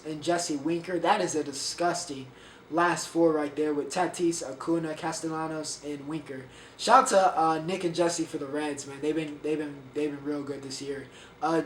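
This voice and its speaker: Male podcast host, loose and rambling, slightly high-pitched, recorded a bit away from the mic with faint hiss. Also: roomy sound, far from the mic. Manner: chatty, rambling, stumbles over names. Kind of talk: casual sports commentary.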